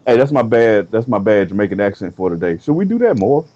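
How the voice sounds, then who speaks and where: A man's voice: on the low side, big pitch swings, fast, warm tone, highs cut off. A man co-hosting a comedy podcast, rambling through profane, joking stories. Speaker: podcast co-host. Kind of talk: casual comedic banter.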